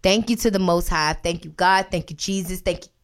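Animated, slangy woman telling a story. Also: on the low side, a little fast. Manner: animated, slangy, jumps between hushed and loud. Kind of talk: casual chat, telling a story.

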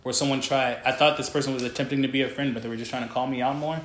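A man's voice: medium pitch, fairly even intonation, racing, a bit bright. Man asking winding questions, echoey room. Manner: long, winding questions with fillers. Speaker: host. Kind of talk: casual podcast chat. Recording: roomy echo with faint background noise.

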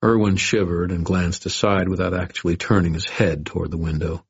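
A man narrating an audiobook in the first person, with a wry, gentle, measured manner. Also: deep voice, flat delivery, husky, no echo, dull audio.

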